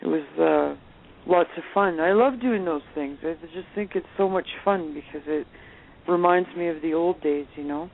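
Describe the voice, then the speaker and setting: A woman telling lively anecdotes as a phone-in guest, laughing often as she talks. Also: fairly low pitch, normal speed, creaky. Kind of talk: casual storytelling on a phone interview. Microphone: telephone. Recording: tinny phone line with faint hiss.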